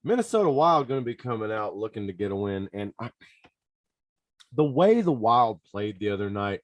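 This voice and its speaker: A man hosts a casual sports betting podcast, his voice sitting on the low side. He talks straight to his listeners in an excitable, chatty way. The sound is dry and close, with no room around it. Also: moderate pace, no echo, highs cut off. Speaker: podcast host.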